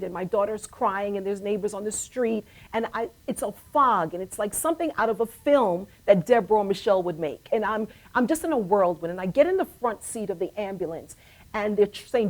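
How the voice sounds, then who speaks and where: A woman's voice: mid-range voice, expressive, moderate pace. Woman host preaching an emphatic testimony. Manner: emphatic preaching, building to loud declarations; storytelling with repeated phrases. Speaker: talk show host. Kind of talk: personal testimony on a live web show.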